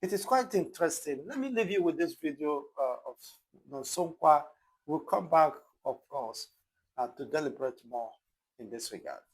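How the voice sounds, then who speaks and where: A man hosts a news commentary, speaking deliberately and stressing key words as he explains terms. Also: fairly high pitch, lively intonation, breathy edge, low-quality recording. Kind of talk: commentary monologue.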